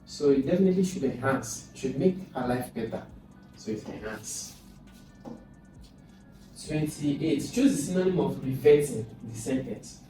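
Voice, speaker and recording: A man's voice: medium pitch, animated, normal speed, over music. A man, coaching students through exam questions and asking and answering his own questions. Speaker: exam prep tutor. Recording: echoey room, distant mic, noisy.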